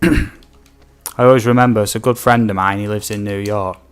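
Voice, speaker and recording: Rambling British man streaming games, low voice. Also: fairly even intonation, brisk, clear, resonant tone. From United Kingdom. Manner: rambling, reads out viewer comments with many ums. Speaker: gaming streamer. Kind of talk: casual live-stream chat.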